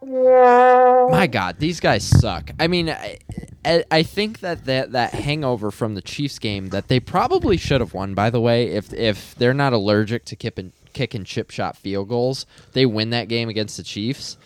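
A man's voice: medium pitch, lively intonation, normal speed, soft background music. A man co-hosting a casual sports podcast, rambling and swearing freely. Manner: profane, rambling, emphatic. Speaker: podcast co-host.

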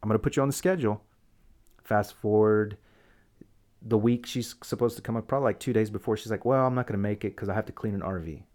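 A young man, a guest telling a personal story in casual chat, speaks on the low side at a quick pace. He animatedly recounts a family conflict, acting out the voices of those he quotes.

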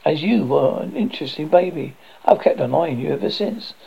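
A man reading a calm, teasing midnight visitor. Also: a little high, a little fast, creaky, breathy edge, heavily acted. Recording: dull lo-fi recording.

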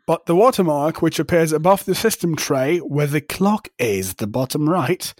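A man's voice: fairly high pitch, expressive, a little slow, no echo. Sweary ranting man, dry close sound. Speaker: podcast co-host. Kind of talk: casual tech podcast chat.

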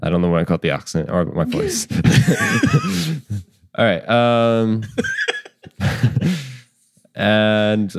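A man's voice: lowish voice, wildly swooping pitch, extremely slow, gravelly, long pauses, no echo, studio quality. A man running a tabletop game as dungeon master, in a rambling way with many ums and chuckles at himself.

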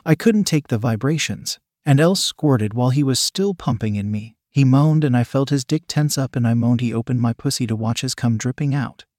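A man's voice: medium pitch, normal speed, hardly any pauses, darkish tone, no room sound, studio quality. A man steadily reading a first-person erotic story aloud. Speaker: narrator.

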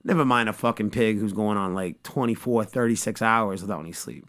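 A man hosting a podcast, giving a casual, profane and joking recap of an episode as an animated storyteller. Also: lowish voice, a little fast. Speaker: podcast host.

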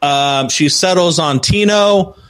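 A man's voice: fairly high pitch, takes it slowly. Man recapping episodes on a podcast. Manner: steady recapping, sarcastic asides. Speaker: podcast co-host.

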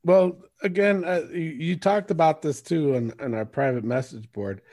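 A man's voice: a little high, normal speed, a little mellow. A man co-hosting a podcast in casual chat, rambling and swearing freely, often laughing. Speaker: podcast co-host.

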